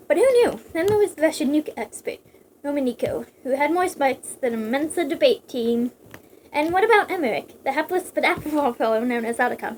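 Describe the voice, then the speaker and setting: Reader: high-voiced woman, narrating a book aloud with giggly asides. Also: slight background noise. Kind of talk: reading a novelization aloud with asides.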